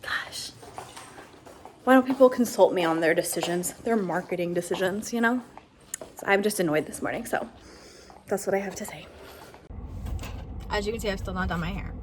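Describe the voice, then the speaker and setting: A talkative woman, ranting and exasperated in a casual vlog. Her voice sits at an everyday middle pitch, and a faint hiss runs under it. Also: moderate pace, pauses often. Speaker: vlogger.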